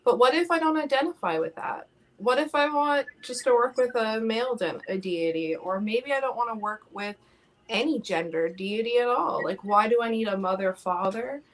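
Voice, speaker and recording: A woman's voice: fairly high pitch, lively intonation, normal speed, poor audio. A woman co-hosting a casual talk show, speaking earnestly and reflectively. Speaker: co-host of a witchcraft talk show. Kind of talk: casual chat.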